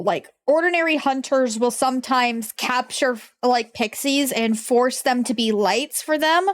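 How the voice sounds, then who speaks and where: A woman narrating a tabletop game as game master, talking in halting bursts full of fillers. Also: high-pitched.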